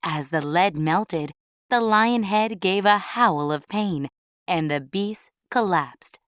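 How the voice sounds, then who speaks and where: Clear, unhurried female story reader, lowish voice, dry studio sound. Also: fairly bright tone, no room sound. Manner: clear, measured read-aloud. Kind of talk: storybook reading for English learners.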